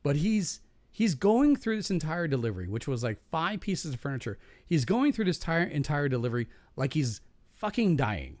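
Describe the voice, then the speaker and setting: Animated man telling rambling work stories. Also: on the high side, normal speed, no echo. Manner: rambling, profane anecdote-telling with frequent restarts; laughs at his own stories. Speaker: podcast chat guest. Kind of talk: casual chat storytelling.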